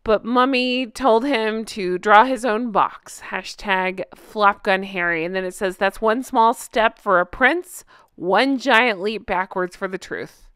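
A woman's voice: mid-range voice, takes it slowly, fairly bright tone, clear, resonant tone, no echo, clean studio sound. A woman co-hosting a casual commentary show, reading out social media posts and reacting with amusement. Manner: amused, laughing often. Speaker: co-host.

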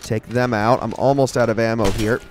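A young man giving casual, excitable commentary while playing a shooter game, talking to himself and the enemies. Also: mid-range voice, fairly quick. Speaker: gaming channel host.

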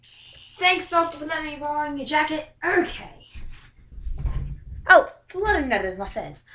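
A woman putting on a fake British accent and talking in a quick, chirpy, theatrical way. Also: sits high, lively intonation, sharp tone, roomy sound, distant mic, voice pushed up, full character voice. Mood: playful.

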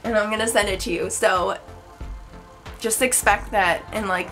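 A young woman YouTuber gushes through an excited unboxing vlog, squealing and tossing in chatty asides as her voice cracks. Her voice is medium-pitched and fairly bright, with fairly even intonation and a moderate pace. Soft music plays in the background.

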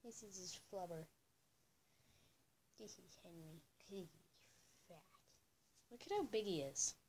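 A young teenage girl rambling in a casual home vlog, drifting into soft whispered asides and cooing high at her pet. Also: a little slow, background noise. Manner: high coo when talking to her pet. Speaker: vlogger. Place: home room.

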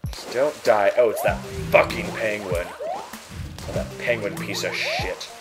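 Young dude playing a platformer, voice swings all over, cusses and yelps, game music under it. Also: male voice, lowish voice, unhurried. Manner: excitable, crude, loud yelps. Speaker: let's play gamer. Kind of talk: casual gaming commentary.

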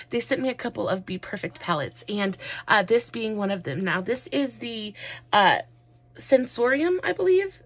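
A woman's voice: fairly high pitch, animated, moderate pace, a bit bright. A woman chatting through a makeup tutorial, rambling and gushing with lots of fillers. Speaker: makeup vlogger.

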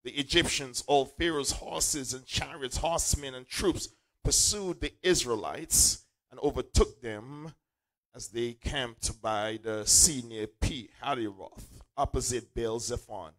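A man's voice: mid-range voice, measured pace, fairly bright tone, low-quality recording. A male preacher delivering a sermon in church, repeating key lines and calling on the congregation to say them back. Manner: call-and-response preaching, repeating lines for emphasis.

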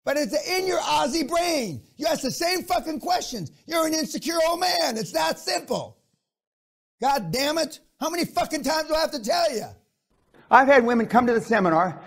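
High-pitched shouting man berating listeners. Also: animated, normal speed, creaky. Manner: profane, berating, shouts often. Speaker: business seminar speaker. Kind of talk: aggressive motivational seminar rant.

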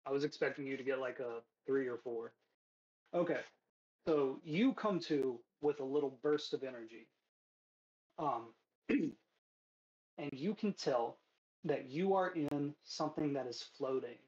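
A man's voice: medium pitch, animated, a little slow, long pauses, darkish tone, dull audio. A man running a tabletop game as game master, casual and loose with many fillers.

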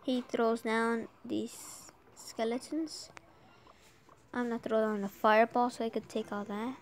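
High-voiced woman with a sore throat. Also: measured pace, a little hiss or hum. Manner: excitable, urging the game on aloud. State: sore throat, starting a cold. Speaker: gamer. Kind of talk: live gameplay commentary.

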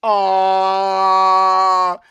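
A man giving profane comedic reaction commentary, ranting and breaking into sudden shouted outbursts. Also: high-pitched, completely flat delivery, extremely slow, clean tone, no room sound, soft background music.

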